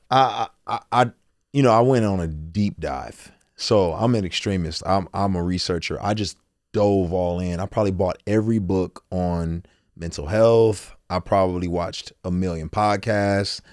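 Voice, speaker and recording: The voice is low and a little mellow at a normal speed, in clean studio sound with no room echo. A rapper appearing as a podcast guest, he speaks openly and emotionally, quoting himself and loosely repeating words and restarting his phrases.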